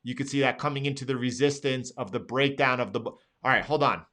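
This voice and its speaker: Man, trading show host, bright tense voice, emphatic, repeats himself, chart walkthrough. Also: mid-range voice, fairly even intonation, fast. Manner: emphatic, pleading, repeats phrases. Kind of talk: live market analysis.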